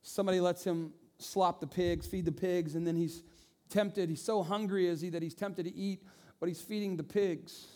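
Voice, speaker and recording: A man in his forties preaching a sermon, telling stories in an animated way and voicing the people in them. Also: high-pitched, normal speed, few pauses. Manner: animated storytelling with voiced asides. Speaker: pastor.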